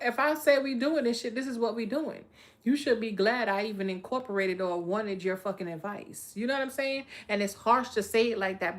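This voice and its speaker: A woman, giving a live-stream tarot reading in a blunt, profane, streetwise way. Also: medium pitch. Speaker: tarot reader.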